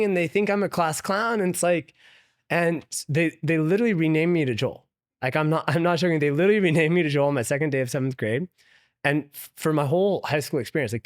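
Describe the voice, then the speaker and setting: A man's voice: fairly high pitch, no room sound, studio quality. A man, a guest on an interview show, telling a story casually, with lots of "like" fillers and frequent laughter. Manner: loose and chatty, heavy use of "like", laughs often. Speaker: interview guest, venture investor.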